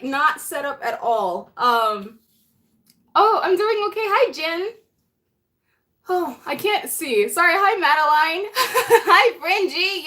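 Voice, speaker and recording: Giggly high-voiced woman livestreaming. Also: sharp tone. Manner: chatty, giggly, greeting viewers by name. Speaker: livestream host. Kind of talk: casual live chat with viewers.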